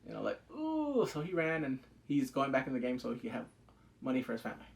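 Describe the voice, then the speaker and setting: Excitable rambling man reviewing a show. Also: mid-range voice, fast, vocal fry. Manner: excitable, rambling, swears freely, acts out quotes. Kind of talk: casual spoken review.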